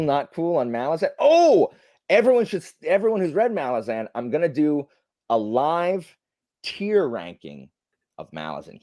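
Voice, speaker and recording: Young man, livestream host, casual rambling chat, lively pitch, dry close sound. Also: no room sound. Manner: rambling, animated storytelling with many fillers.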